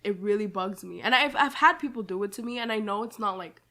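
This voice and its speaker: This is a young woman, in her twenties, co-hosting a relaxed chat podcast. She talks freely and at length, with plenty of fillers and restarts, and laughs easily. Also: medium pitch, quick pace. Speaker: podcast co-host. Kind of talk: casual chat.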